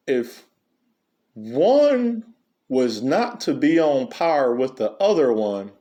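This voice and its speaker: A man. He speaks an unscripted, preachy monologue, asking the listener question after question. He tells stories in an animated way. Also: a little high. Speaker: commentary channel host.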